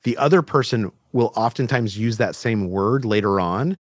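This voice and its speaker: A man's voice: fairly low pitch, moderate pace, no room sound, clean studio sound. A man from the American Southwest, a guest expert explaining communication research in a conversational interview, with frequent "like" and "right?". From Albuquerque, New Mexico, US.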